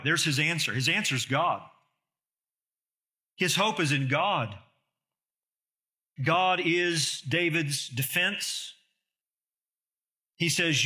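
A man's voice: a little high, lively intonation, slow, long pauses, bright, forceful tone. A man preaching a sermon as a pastor, emphatic and full of rhetorical questions.

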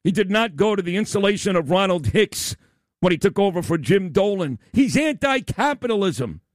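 A man hosting talk radio, ranting in a loud, combative, sarcastic way into a studio microphone. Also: high-pitched, very animated, normal speed, no echo. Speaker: radio talk show host.

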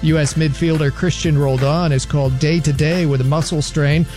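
A man reading the sports update on a radio show, brisk as he runs through scores. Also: fairly high pitch, fairly even intonation, a little mellow, faint music behind. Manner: brisk, reads scores and ad copy.

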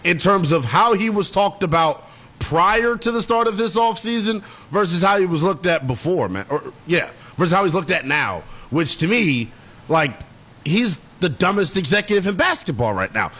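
Brief: young male sports radio co-host, high voice that swings a lot, blunt and playful. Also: sing-song, moderate pace, a bit bright. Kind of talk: sports talk radio banter.

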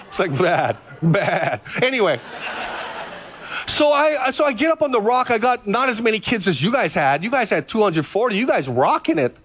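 A male pastor from Hawaii, telling stories in a lively sermon and repeating phrases. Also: high voice, a little hiss or hum. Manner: storytelling, animated, repeats phrases.

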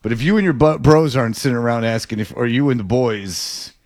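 A man's voice: mid-range voice, a little fast, darkish tone, dry recording, studio quality. A man co-hosting a podcast, chatting casually with jokey, rambling asides and restarts. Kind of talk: casual chat.

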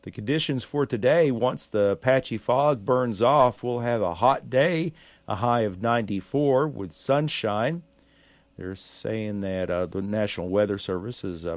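A man hosting a local call-in radio show, folksy and a bit raspy from allergies, reading the weather with many fillers. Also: on the low side, dry recording.

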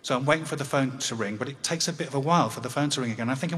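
An English man in his fifties telling a personal story on stage in a wry, conversational way with halting restarts. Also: medium pitch, a bit bright. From England. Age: 50s. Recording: long hall reverb.

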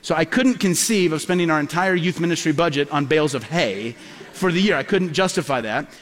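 High-voiced pastor telling stories in a hall. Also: male voice, a little fast, a little hiss or hum. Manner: lively storyteller acting out quoted voices. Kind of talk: storytelling sermon. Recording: long hall reverb.

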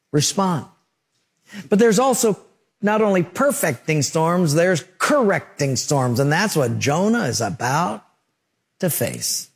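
A male pastor preaching a sermon, telling vivid stories with lively emphasis. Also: a little high, gravelly, husky. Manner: animated storytelling preacher.

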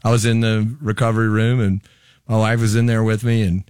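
A man's voice: fairly low pitch, flat delivery, brisk, darkish tone, smooth, no echo. Guy guest telling a funny story, self-deprecating, dry mic. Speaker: musician guest. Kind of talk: casual chat.

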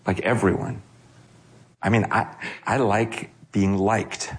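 Middle-aged male pastor delivering a sermon; animated, swings between quiet and fast, raised lines. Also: fairly low pitch, husky.

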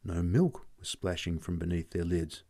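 Low-voiced man reading a story. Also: moderate pace, mellow. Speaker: narrator. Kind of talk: audiobook narration.

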